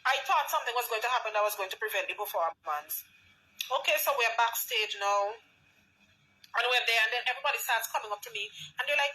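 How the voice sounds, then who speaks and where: Tearful Vincentian woman, bright voice. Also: a little high, animated, fast talker, poor audio. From Saint Vincent and the Grenadines. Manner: tearful and laughing, voice breaking. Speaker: dancehall artist. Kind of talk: emotional casual talk to fans.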